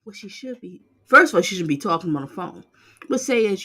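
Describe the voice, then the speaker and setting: A woman hosting a channel, reacting bluntly and loudly to court clips in casual commentary. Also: mid-range voice, a little fast. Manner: animated, exclaiming, sassy and blunt.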